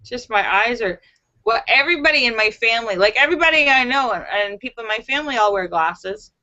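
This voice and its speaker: A woman's voice: on the high side, expressive, fast talker, sharp tone, lo-fi sound. A woman hosting a casual live stream, chatting, reading viewer comments and telling jokes with frequent giggles.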